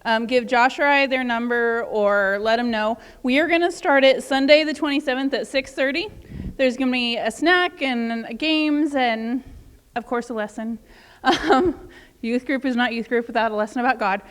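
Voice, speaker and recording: A woman leading a youth group, making an excited church announcement with bubbly laughter. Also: on the high side, moderate pace, clear, resonant tone, big-room sound. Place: church sanctuary.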